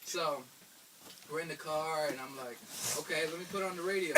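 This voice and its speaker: A young man with a high voice recounts a road trip in a loose, chatty way, breaking into laughter and acting out other people's lines. He sits well back from the mic, and a loud hiss runs under everything. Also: brisk. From Philadelphia area. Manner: laughs through his own story, mimics others. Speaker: storyteller. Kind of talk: casual anecdote told to friends. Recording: distant mic with loud background noise.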